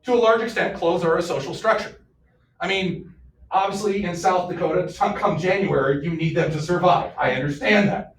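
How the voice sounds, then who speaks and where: Speaking at a normal speed in a high voice, a man leads a history class, animated and joking while firing questions at students. The recording comes from a far-off mic in an echoey classroom.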